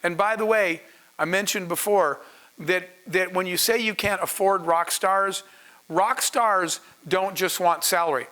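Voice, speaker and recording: Bright, high-voiced man telling a story. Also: a little slow. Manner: earnest, conversational, with asides to the audience. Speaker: startup founder speaking on a panel. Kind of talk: storytelling talk to an audience.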